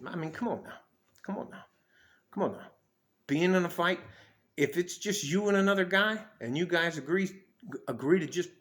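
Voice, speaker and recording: A man's voice: medium pitch, a bit bright. A middle-aged man telling a story in a casual vlog from his backyard, blunt and profane, rambling with restarts. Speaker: vlogger. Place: outdoors in a backyard by a pool.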